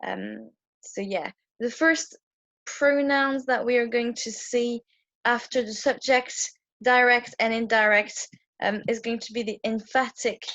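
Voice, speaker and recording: A woman's voice: on the high side, a bit bright, no room sound, rough recording. A woman teaching a French grammar lesson at a whiteboard, explaining patiently with frequent ums and restarts. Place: indoor room with a whiteboard.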